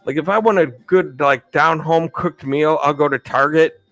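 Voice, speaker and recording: A man hosting a relaxed live stream, reading out chat questions and answering them. His voice sits a little on the high side, and he laughs often and drifts off track. Soft music plays faintly underneath. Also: moderate pace, rough recording. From United States. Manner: chatty, laughs often, loses his train of thought. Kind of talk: casual chat.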